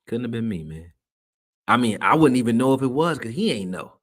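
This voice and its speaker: A man hosting a live stream, chatting casually with viewers and reading their comments aloud in a loose, slangy way, swearing freely and getting loud when he is worked up. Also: medium pitch, sing-song, brisk.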